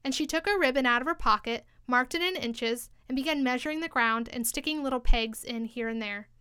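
Gentle woman storyteller, bright voice, close dry recording. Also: sits high, fairly quick, smooth, no echo. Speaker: narrator. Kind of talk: storybook reading.

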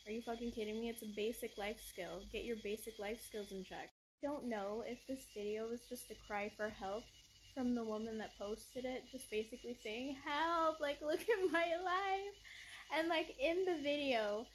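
A woman's voice: mid-range voice, slight background noise, low-quality recording. A young woman ranting bluntly and with lots of swearing in a casual talk show monologue. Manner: blunt, profane, exasperated. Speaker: podcast host.

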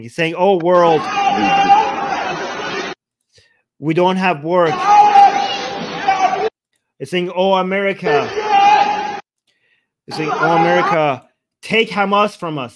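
A man hosts a livestream with a fairly high voice. He rants combatively and hurls insults, then rambles while setting up clips to share. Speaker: livestream host. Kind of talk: heated livestream reaction commentary.

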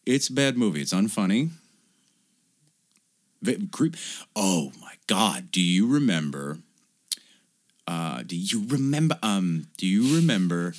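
A low-voiced male podcast host talking in loose, animated bursts. His pitch swings widely as he riffs, and he swears freely. It is casual chat between friends. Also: a little slow, pauses often. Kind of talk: casual chat reviewing a movie.

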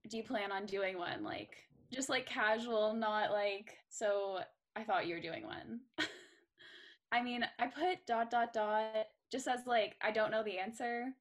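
Young adult woman, podcast co-host, casual chat, sheepish, laughs easily, slightly high voice. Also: slow.

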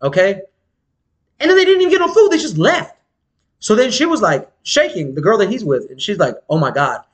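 A man chatting casually as a podcast co-host, telling animated, slangy, profane stories. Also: brisk. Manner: animated storytelling, swings pitch wide, slangy and profane. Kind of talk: casual chat.

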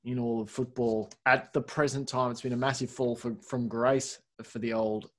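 A man's voice: medium pitch, little pitch movement, normal speed, fairly bright tone. A man hosting a casual sports podcast, reading out scores with wry asides. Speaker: podcast host.

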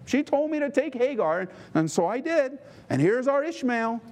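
A man's voice: extremely high pitch, very animated, moderate pace, a little mellow, pitched above the performer's own voice. A man voicing the elderly patriarch Abraham, earnest and pleading as he schemes to help a promise along. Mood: explaining.

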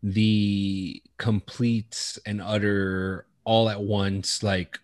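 A man's voice: lowish voice, drawn-out words, no room sound. A man on a podcast telling stories casually, swearing and acting out what people said. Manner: animated storyteller, swears, acts out quotes.

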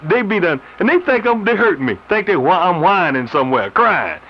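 A man's voice: high voice, big pitch swings, moderate pace, few pauses. A man preaching a radio sermon, laughing often as he reads and explains scripture. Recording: slightly muffled radio broadcast with faint noise.

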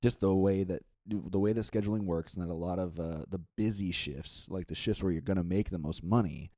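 A man chatting casually about serving tables, cussing and blunt. His voice is deep and very dark and mellow. The sound is dry and close. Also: a little fast, no echo. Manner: blunt, profane, enthusiastic. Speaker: restaurant server. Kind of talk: casual chat.

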